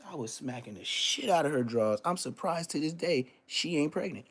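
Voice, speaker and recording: A man's voice: a little high, big pitch swings, normal speed, few pauses, a bit bright, husky. A man telling a story on a casual live stream, profane and emphatic, repeating street oaths.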